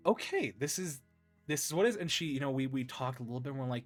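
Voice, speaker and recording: An excitable man hosting a chatty interview show, quick to laugh and big in his delivery. His voice sits at a medium pitch, with faint music playing underneath. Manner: animated, excitable, laughs often. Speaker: podcast host. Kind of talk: casual interview chat.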